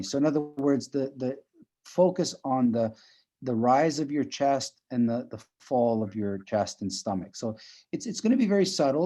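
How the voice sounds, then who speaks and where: Dark-voiced man teaching breathing online. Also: mid-range voice, animated, a little fast, lo-fi sound. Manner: conversational, repeats "right?" often, chuckles while explaining. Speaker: breathing instructor. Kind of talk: live online class. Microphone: video call.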